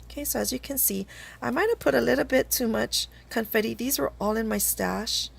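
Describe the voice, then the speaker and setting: A woman hosting a casual craft video from home, talking through her projects in a chatty, slightly halting way while hoarse from a cold. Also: on the high side. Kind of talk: casual craft tutorial chat.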